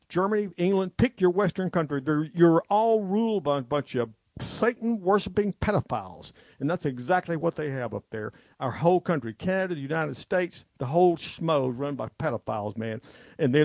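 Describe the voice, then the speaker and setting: A man's voice: a little high, darkish tone, no room sound. A man hosting a talk show, ranting in an agitated, rambling way and repeating himself. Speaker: radio talk show host.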